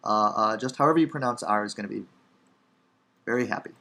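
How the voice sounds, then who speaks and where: A man's voice: fairly low pitch, fast talker, bright, forceful tone, a little hiss or hum. A man with a Chicago accent teaching the Hebrew alphabet in a casual, wry lecture with frequent fillers. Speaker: Hebrew instructor. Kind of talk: recorded lecture.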